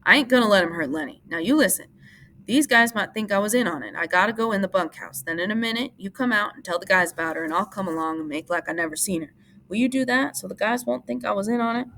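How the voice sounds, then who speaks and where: A woman voicing a weary, guarded ranch worker who speaks in low, clipped lines. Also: animated, fast talker, fairly bright tone, a little hiss or hum. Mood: urgent.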